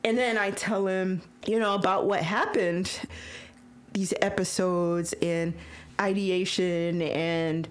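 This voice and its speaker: A woman hosting a podcast, retelling a story in casual chat, excitable and emotional with frequent stammers. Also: lowish voice, slow. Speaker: podcast host.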